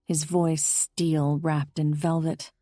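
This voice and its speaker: Woman reading an audiobook, lowish mellow voice, dead dry recording. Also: flat delivery, takes it slowly, no room sound. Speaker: audiobook narrator. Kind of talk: scripted first-person narration.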